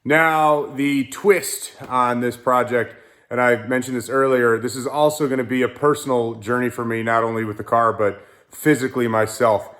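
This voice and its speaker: A man's voice: medium pitch, steady tone, normal speed, fairly bright tone. Young man, car-build vlogger, self-mocking jokes, rambling chatter, garage, phone recording. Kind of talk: casual garage vlog.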